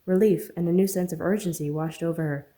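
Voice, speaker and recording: A woman author narrating her own novel as an audiobook, earnest and steady. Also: on the low side, quick pace.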